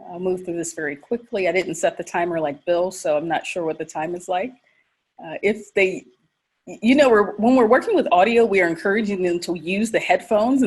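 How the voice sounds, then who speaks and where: A woman lecturer presenting survey results at a conference over a video call, quick and informal. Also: on the low side, darkish tone, husky. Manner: quick, informal, many fillers. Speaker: journalism lecturer and panelist.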